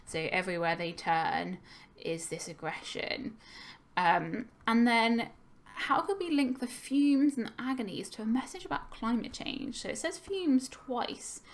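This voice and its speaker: A woman's voice: fairly high pitch, unhurried. Patient woman teacher explaining a poem. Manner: patient, explanatory, thinking aloud with fillers. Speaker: English teacher. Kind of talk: recorded lesson on poetry analysis.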